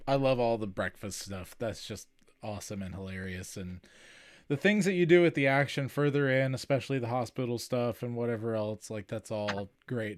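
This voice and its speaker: A man moderating a casual writers' chat, giving loose, encouraging feedback full of fillers. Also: fairly low pitch. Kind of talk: casual group chat about writing.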